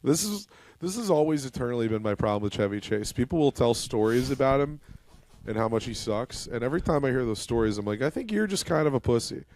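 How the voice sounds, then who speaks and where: A man's voice: medium pitch, animated, fast talker, a little mellow. A man co-hosting a casual comedy podcast, telling a rambling story with laughs and quoted voices. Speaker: podcast co-host. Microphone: podcast mic, laptop camera.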